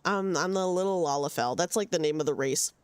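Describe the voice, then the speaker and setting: A woman's voice: deep voice, a little fast, smooth, dry recording. A young woman chatting casually on a game stream, giggly and self-deprecating, speaking into a desk mic at home. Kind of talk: casual live-stream chat.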